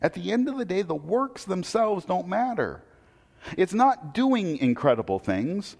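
A man's voice: sits high, big pitch swings, measured pace, creaky, darkish tone, in a large hall. A man preaching a sermon earnestly, often repeating a word as he starts a thought. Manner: earnest, repeats words when starting sentences. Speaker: pastor.

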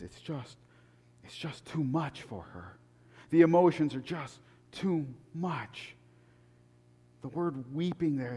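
A man preaching in a slightly high voice, with a long reverb trailing behind every phrase. His delivery is conversational and dynamic. He rises to loud emphatic peaks, then drops to hushed asides. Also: husky. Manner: conversational and humorous, with repeated words. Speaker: pastor. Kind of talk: sermon.

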